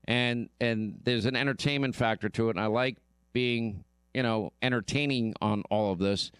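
A man's voice: mid-range voice, normal speed, a bit bright, clear, resonant tone, no echo, studio quality. A male radio talk show host giving emphatic commentary and often repeating himself.

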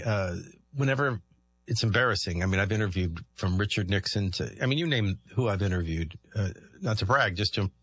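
A man's voice: lowish voice, fairly bright tone, husky. A man hosting a talk radio show, chatting through rambling anecdotes and often laughing.

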